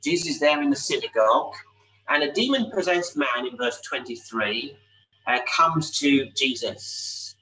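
A man's voice: mid-range voice, expressive, unhurried, bright, forceful tone, far from the mic, low-quality recording. A man preaching a sermon, explaining a scripture passage with frequent rhetorical tag questions. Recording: voice a little off-mic, faint hum.

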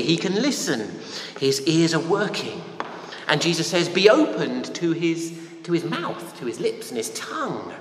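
A man's voice: a little high, fairly bright tone, a little hiss or hum. A man preaching a conversational sermon, often asking his listeners rhetorical questions. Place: church hall. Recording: echoey hall, faint room ambience.

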